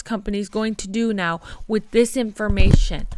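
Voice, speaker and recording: Impassioned woman podcast host, clear voice. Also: mid-range voice, fairly even intonation, normal speed, few pauses, darkish tone. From Michigan. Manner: impassioned, gets worked up, addresses listeners as friends. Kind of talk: casual political commentary.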